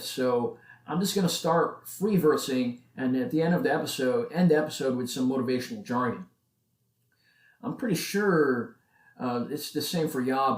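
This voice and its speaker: A man's voice: on the high side, a little mellow. A nineteen-year-old man hosting a solo podcast, talking in a casual, earnest, motivational way. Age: late teens. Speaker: podcast host. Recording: echoey room.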